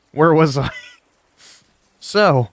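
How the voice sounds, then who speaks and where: A man's voice: on the low side, slight background noise. Jokey man streaming games. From Canada. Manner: jokey, rambling, playful. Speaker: livestreamer. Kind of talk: casual chat while gaming.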